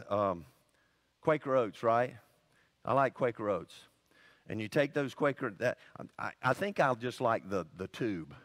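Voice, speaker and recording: A male pastor preaching a sermon in an animated, conversational way, full of asides and exclamations. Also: medium pitch.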